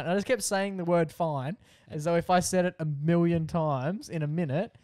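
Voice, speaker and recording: A young man sits close to the mic, and his voice sits a little high for a man. He tells a story in lively casual chat, laughs often and acts out the lines people said. The sound is dry, with no room around it. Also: fairly quick, few pauses, no room sound. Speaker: podcast co-host.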